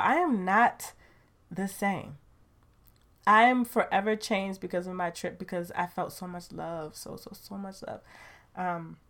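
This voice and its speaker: A woman hosting her podcast in a chatty, playful way, talking from her bedroom at home into a mic. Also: on the low side. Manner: chatty and playful, with laughs and slang. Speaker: podcast host. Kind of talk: casual podcast monologue. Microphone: home recording mic.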